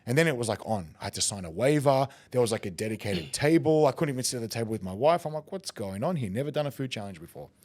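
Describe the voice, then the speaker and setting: Animated Australian man telling stories. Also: medium pitch, fast talker, hardly any pauses. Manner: animated, laughing, acts out quoted voices. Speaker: podcast guest, competitive eater. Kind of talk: casual storytelling chat.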